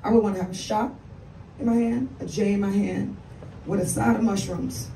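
A woman's voice: medium pitch, fairly even intonation, moderate pace, warm tone, slight background noise. A woman in her forties from Washington, D.C., doing a brash, profane stand-up set with laughing asides. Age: 40s. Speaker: stand-up comedian. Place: comedy club stage. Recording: echoey club from a distance, crowd laughter.

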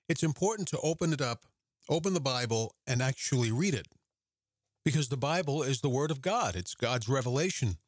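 A man's voice: a little high, no room sound. Earnest man hosting a faith podcast. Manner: earnest, conversational, asks rhetorical questions. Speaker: podcast host. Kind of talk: solo religious podcast talk.

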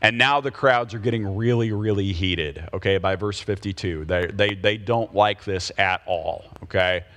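A man's voice: fairly low pitch, normal speed, few pauses, fairly bright tone. A man leading a Bible study, explaining scripture in a casual teaching style and often checking in with his listeners. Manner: explains patiently, checks in with frequent "okay?" and "right?".

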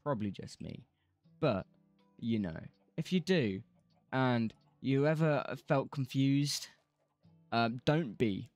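Slow-talking rambling man streamer. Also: mid-range voice, expressive, darkish tone, dry recording, soft background music. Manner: rambling, sings snatches of songs, swears freely. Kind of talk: casual gameplay commentary.

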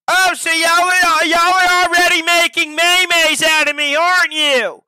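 Streamer, male, very high and bright voice, strained and tired, drawn-out theatrical delivery, dry close sound. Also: little pitch movement, dry recording. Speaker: live streamer. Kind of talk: casual live-stream chat.

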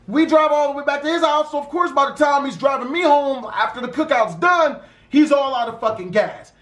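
A young man with a strikingly high voice tells a story with plenty of swearing and slang. His voice rings out in a room with a lot of echo. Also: a little fast. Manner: profane, animated street slang. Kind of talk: casual story time. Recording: roomy echo.

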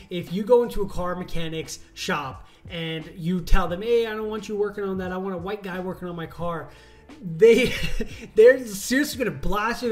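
Young male doctor, vlog host, earnest explainer, slightly high voice. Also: darkish tone. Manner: earnest, explanatory, rising emphasis. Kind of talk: casual talking-to-camera vlog.

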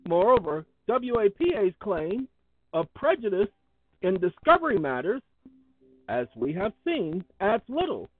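His voice sits high with big pitch swings, and he talks at an unhurried pace. Hosting his own video, the man casually reads sections of a court ruling in an emphatic, repetitive, preachy manner, over tinny phone-like audio with no room sound.

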